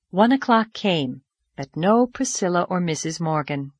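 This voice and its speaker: A woman narrating a classic novel aloud in a measured, expressive storytelling voice. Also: lowish voice, slightly rough, dry recording. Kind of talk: audiobook narration.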